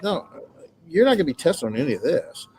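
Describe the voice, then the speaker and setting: A man's voice: a little high, big pitch swings, a little fast, over music, low-quality recording. A man teaching a classroom lecture on grammar, explaining patiently and reassuringly with frequent filler sounds. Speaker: Greek grammar instructor. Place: classroom with students.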